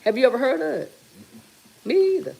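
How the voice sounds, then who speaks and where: A woman's voice: sits high, sing-song, brisk, creaky, dark tone, husky. A middle-aged woman hosting a casual live stream from her kitchen while cooking, reading viewer comments aloud and teasing them in an easygoing talky way. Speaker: livestream host.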